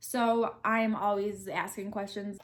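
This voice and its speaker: A woman's voice: mid-range voice, level tone, unhurried. A young woman answering question cards while eating, talking candidly and thinking aloud. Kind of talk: casual mukbang chat.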